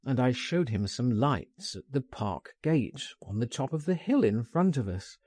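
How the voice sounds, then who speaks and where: A male narrator reads a first-person story in a slow, measured way, his voice husky and mellow. His pitch moves a lot as he coaxes and persuades, and the recording is dry and close. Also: sing-song. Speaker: audiobook narrator.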